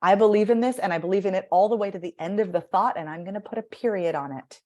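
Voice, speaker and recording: A woman's voice: mid-range voice, fast talker, darkish tone. A woman speaking as a voice and speech coach in a podcast interview, animatedly demonstrating vocal patterns by acting them out.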